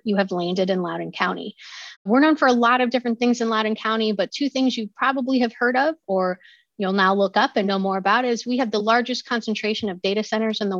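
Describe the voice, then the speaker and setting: A woman's voice: medium pitch, no echo, highs cut off. A middle-aged woman from Ohio with a Midwestern accent, answering interview questions in an upbeat, promotional way. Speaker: guest, county economic development official.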